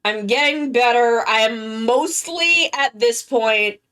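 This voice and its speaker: A worn-out woman chatting casually with her live-stream viewers, halting and rambling as she recovers from being sick. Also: a little high, pushed and bright, clear, resonant tone. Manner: rambling, halting, with many restarts. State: worn-out and tired, recovering from illness.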